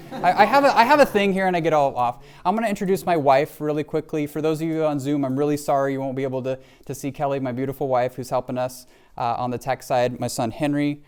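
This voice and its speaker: A man's voice: mid-range voice, darkish tone, clear, resonant tone. Middle-aged male leadership speaker, earnest, heartfelt live talk, addresses the crowd directly. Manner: earnest and heartfelt, with frequent "right?" asides. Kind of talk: live motivational talk to an audience. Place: event venue with a live and online audience.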